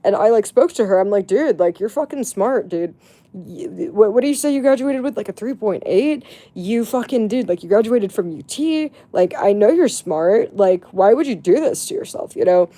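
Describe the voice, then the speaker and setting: A woman's voice: mid-range voice, expressive, moderate pace, dark tone. A woman livestreamer chatting to her viewers, telling a story in a casual way with lots of "like" and swearing. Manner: chatty, heavy on "like" and profanity.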